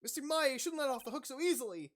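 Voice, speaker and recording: A woman's voice: high-pitched, lively intonation, fast, voice pushed up. Woman voicing a small earnest girl, sweet and questioning.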